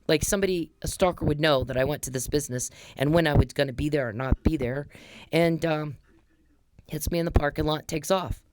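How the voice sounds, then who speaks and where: In a dry recording, a woman with a low-pitched voice hosts a podcast as a casual monologue. She talks bluntly and heatedly, swearing often and hammering points home through repetition.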